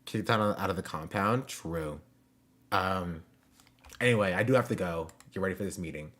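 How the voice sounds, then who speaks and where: A young man talks to his stream chat from home in a low, easy voice. He jokes around, tosses in slang, and drifts between topics with plenty of fillers. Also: normal speed, a bit bright. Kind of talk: casual live-stream chat.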